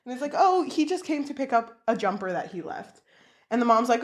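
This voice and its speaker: Animated young woman chatting about books. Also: fairly quick. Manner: animated, swears, acts out quotes with big pitch jumps. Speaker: podcast co-host. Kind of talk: casual book chat.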